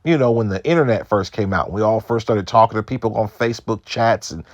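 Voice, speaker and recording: Low-voiced man telling loose stories. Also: fairly quick, no echo, highs cut off. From Seattle, United States. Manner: profane, loose storytelling with mimicked voices. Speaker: podcast host. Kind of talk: casual monologue.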